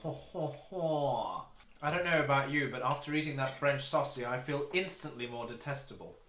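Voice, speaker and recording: Fast and a bit bright, this mid-range male voice sounds reverberant, with a little hiss or hum in the recording. The young adult English podcast host reviews food casually with friends around a table, staying wry and mock-formal and laughing a lot.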